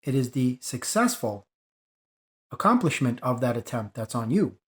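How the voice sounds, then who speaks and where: A man's voice: mid-range voice, sing-song, moderate pace, fairly bright tone. A man delivering an impassioned spiritual monologue, preachy and emphatic, driving points home by repeating phrases. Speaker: spiritual video creator.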